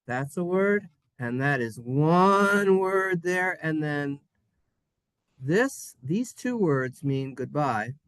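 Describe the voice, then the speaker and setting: An animated, encouraging Hebrew teacher leads a children's reading lesson. The voice swings playfully up and down and repeats phrases for emphasis. The sound is dry, with no room echo. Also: mid-range voice, slow, clear, resonant tone.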